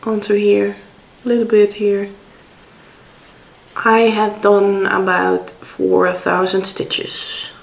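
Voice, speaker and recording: Slow-talking Dutch woman vlogger. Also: medium pitch, little pitch movement, gravelly, roomy sound, rough recording. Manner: chatty, hesitant, many fillers. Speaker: cross-stitch vlogger. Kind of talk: casual show-and-tell. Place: home.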